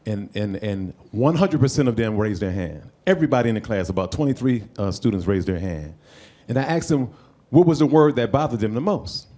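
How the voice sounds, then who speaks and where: A man who is a veteran, speaking slowly and earnestly to a panel. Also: medium pitch, warm tone. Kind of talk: earnest community appeal.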